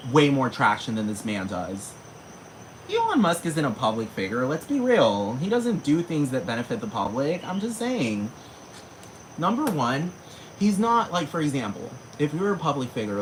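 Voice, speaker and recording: A man's voice: a little hiss or hum, low-quality recording. Profane, ranting man. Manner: profane, slangy, animated ranting with dramatic pitch jumps. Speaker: vlogger. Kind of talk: casual rant to camera.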